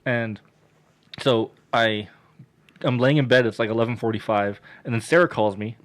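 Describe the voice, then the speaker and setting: A young man tells a story on a podcast in loose, casual chat. He swears constantly and jumps into loud, animated voices for the people in his tale. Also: medium pitch, moderate pace. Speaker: podcast co-host telling a story.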